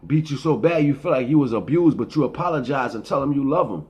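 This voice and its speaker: A man's voice: mid-range voice, expressive, fast talker, darkish tone, highs cut off. A middle-aged man speaking in a rambling, preachy casual monologue, often repeating and restarting his words. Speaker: vlogger.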